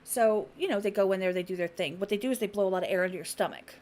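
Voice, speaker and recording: A woman's voice: mid-range voice, very fast, slight background noise. A woman hosting a casual podcast, telling a story bluntly and profanely, acting out the voices of the people in it. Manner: animated storyteller who acts out quoted voices. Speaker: podcast host.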